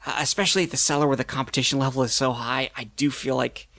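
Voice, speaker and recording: A man, a stand-up comedian guest, talking casually in halting, rambling complaints. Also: mid-range voice, steady tone, a bit bright. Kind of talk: casual chat.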